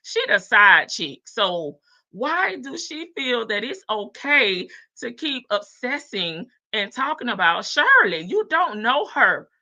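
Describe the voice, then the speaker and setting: Bright-voiced chatty woman livestream host. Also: a little high, sing-song, takes it slowly, no room sound. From Chicago. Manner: chatty, greets viewers one by one, sassy asides. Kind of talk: casual livestream chat.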